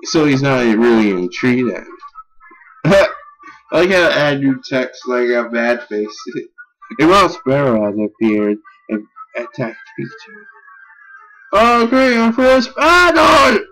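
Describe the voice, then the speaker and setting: A young man giving casual gameplay commentary, excitable and easily frustrated, swearing and yelling at his game. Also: mid-range voice, slow pace, soft background music, rough recording. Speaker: let's play gamer.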